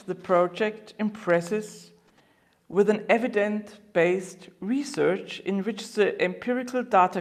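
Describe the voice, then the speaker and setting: A university president giving a formal, courteous welcome speech at a conference. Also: medium pitch.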